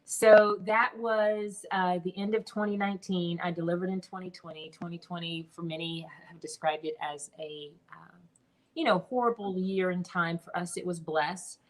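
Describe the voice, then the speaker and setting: A woman in her forties speaks in a lowish voice, animated and expressive as she tells her story. She talks as a guest over a video call. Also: moderate pace, poor audio. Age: 40s. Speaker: guest, business mentor. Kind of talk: interview conversation.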